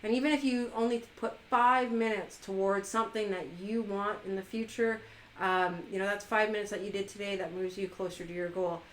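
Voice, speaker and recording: A woman's voice: medium pitch, fairly even intonation, a little fast, slight background noise, rough recording. A woman hosting a live stream, chatting casually in a playful, teasing way with her viewers.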